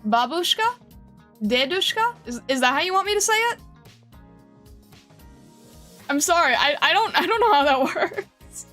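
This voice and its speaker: A woman's voice: very high-pitched, lively intonation, moderate pace, long pauses, pushed and bright, soft background music. A woman streamer chatting casually with her viewers, giggling often and reading their comments aloud in a flustered way. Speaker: game streamer.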